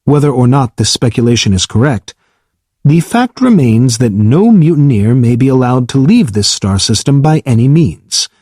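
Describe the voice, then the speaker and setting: A man voicing a calm, formal, self-aware battleship AI in an audiobook, speaking in a measured, precise, unflinching way. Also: mid-range voice, no room sound, clean studio sound. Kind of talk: audiobook character reading.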